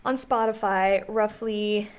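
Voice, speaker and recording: A woman's voice: medium pitch, fairly even intonation, slow, clear, resonant tone. A young woman co-hosting a casual podcast, talking in a rambling, self-deprecating, giggly way. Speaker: podcast co-host. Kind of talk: casual chat.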